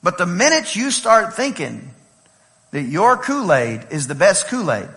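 A man from East Texas with an East Texas accent, preaching a lively sermon and telling playful stories to his congregation. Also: high voice, measured pace. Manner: animated, playful storytelling with laughs and shouts. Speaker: pastor.

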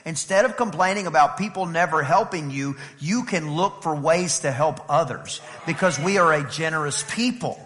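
A man preaching a sermon as pastor, moving from conversational talk to fervent shouting. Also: fairly high pitch, moderate pace, few pauses, long reverb tail. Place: church.

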